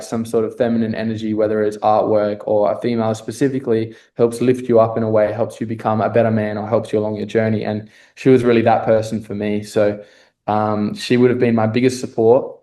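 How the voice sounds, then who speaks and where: A man's voice: on the low side, warm tone. A man, a fitness coach, speaking as a podcast guest and telling a personal story in a reflective, earnest way with many fillers.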